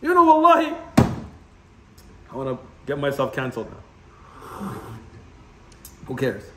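A man giving an impassioned religious lecture, blunt and animated, laughing as he rants and dropping Arabic terms. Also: mid-range voice, measured pace, background noise. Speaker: Islamic lecturer. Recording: echoey room.

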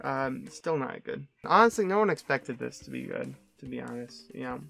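Animated sarcastic man reviewing comics. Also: mid-range voice, normal speed, gravelly, soft background music. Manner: sarcastic, rambling, jumps into silly voices. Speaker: webcomic reviewer. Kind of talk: comedic commentary.

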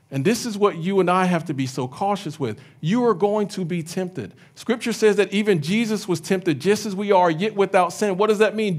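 A man preaching a sermon as pastor, animated, retelling scripture in everyday speech. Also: a little high. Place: church sanctuary.

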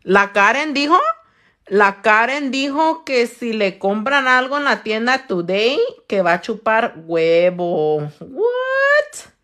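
A woman, a nail technician chatting loudly and crudely on a livestream while she works, teasing and laughing a lot. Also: fairly high pitch, measured pace. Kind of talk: casual livestream chat while doing nails. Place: her own room.

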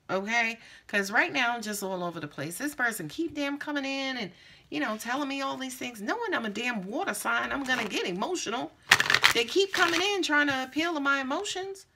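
A woman giving a live tarot reading in a blunt, profane, animated way, speaking. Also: mid-range voice. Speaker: tarot reader.

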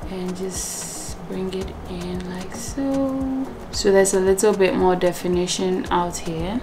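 A young woman vlogger chatting casually as she talks viewers through her makeup step by step, encouraging and relaxed. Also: fairly low pitch, gravelly. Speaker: beauty vlogger. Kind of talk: casual makeup tutorial talk.

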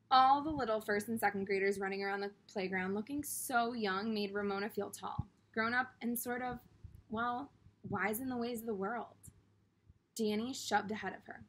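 A woman reading a children's book aloud in a steady storytelling manner. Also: medium pitch, slight background noise. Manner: steady storytelling with brief character voices. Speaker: reader.

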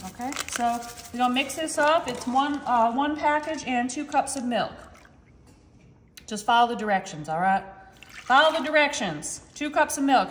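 A woman hosts a casual home cooking video, calling her viewers y'all as she works. Her voice sits high and bright. The kitchen is echoey, with a long ring and faint noise behind her. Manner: chatty, talks to viewers as y'all. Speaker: cooking channel host.

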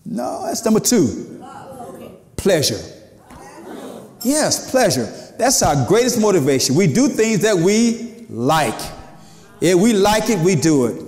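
A man's voice: high-pitched, very animated, slow, long pauses, darkish tone. A male pastor delivering a sermon, leading a recitation and then preaching with building emphasis. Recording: echoey hall reverb.

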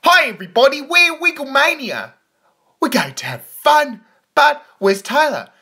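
A woman playing a children's show presenter, talking in a bright, exaggerated kids' show way. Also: high-pitched, very animated, unhurried, exaggerated voice. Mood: chirpy. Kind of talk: kids' show parody dialogue. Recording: voice over loud backing music.

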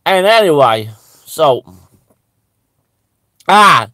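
A man's voice: on the high side, sing-song, very slow, pushed and bright, no echo, exaggerated voice. A man doing a stammering, bigoted churchgoer. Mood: rambling. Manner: stammering, with constant restarts and repeated words. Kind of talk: satirical character monologue.

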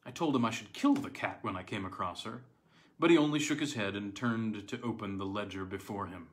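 Low-voiced man reading a classic tale. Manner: measured, dramatic storytelling with slight stumbles. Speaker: audiobook reader. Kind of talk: audiobook narration of a classic tale.

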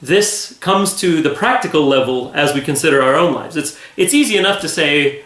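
Earnest pastor, higher voice, echoey room. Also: male voice, expressive, moderate pace, hardly any pauses, fairly bright tone. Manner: earnest, conversational, full of fillers. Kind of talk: Bible study devotional talk.

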